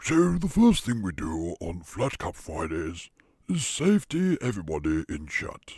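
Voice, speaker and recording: A man putting on a deep, slow announcer voice to open a livestream segment. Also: wildly swooping pitch, darkish tone, breathy edge, dry recording, studio quality, exaggerated voice. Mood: announcing.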